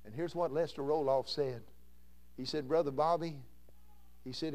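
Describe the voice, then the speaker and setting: Preacher man, high voice, storytelling sermon, goes quiet then loud and slow. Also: fairly even intonation. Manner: storytelling preacher, swings from hushed to shouting. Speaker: evangelist.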